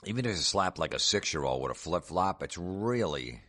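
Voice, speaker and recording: Male comedian host, extremely deep voice, sarcastic and foul-mouthed. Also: expressive, normal speed, pushed and bright. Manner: sarcastic, profane mockery. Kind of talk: comedic podcast rant.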